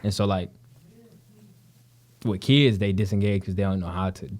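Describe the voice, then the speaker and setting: In a deep, darkish voice with fairly even intonation and a moderate pace, a young man from Detroit swaps stories casually as a guest. The actor's speech is slangy and profane, constantly returning to "you know what I'm saying."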